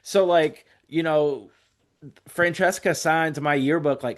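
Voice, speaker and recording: A man's voice: a little high, moderate pace. Rambling, profane storyteller man in his forties. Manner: profane, rambling, acts out quotes. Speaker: podcast guest. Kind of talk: casual storytelling.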